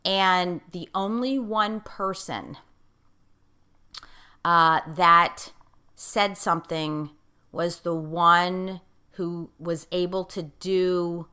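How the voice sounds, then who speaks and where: A woman's voice: on the low side, steady tone, extremely slow, pushed and bright, clear, resonant tone. A woman life coach in casual conversation, speaking emphatically and repeating key phrases for stress. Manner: self-described outspoken, in-your-face talker.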